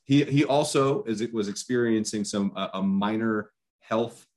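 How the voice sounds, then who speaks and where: Guy w a lowish voice co-hosting a podcast, dry jokey banter. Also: a little mellow. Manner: wry, joking, quick bursts. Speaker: podcast co-host. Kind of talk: casual chat.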